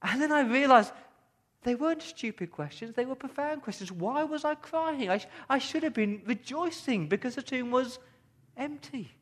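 A man's voice: very high voice, fairly bright tone, pitched above the performer's own voice, exaggerated voice. A man voicing Mary Magdalene, earnest witness. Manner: earnest, halting, with emotional retelling. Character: Mary Magdalene, grieving then joyful female witness. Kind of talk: first-person dramatic monologue in a sermon.

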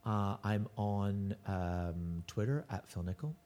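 A man's voice: fairly low pitch, slow pace, mellow. A middle-aged man, a touring stand-up comedian, chatting casually as a podcast guest and rambling with restarts and self-corrections.

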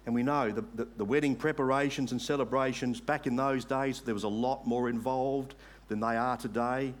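A man preaching a sermon, making earnest appeals to the congregation and reading scripture aloud slowly. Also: mid-range voice. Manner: earnest, rising to emphatic appeals.

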